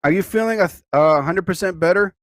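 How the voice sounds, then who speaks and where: A man hosting a casual live stream, joking, chatting with viewers and shouting catchphrases. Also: high-pitched, quick pace, dry recording, studio quality. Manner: animated, jokey, talks to chat, shouts catchphrases.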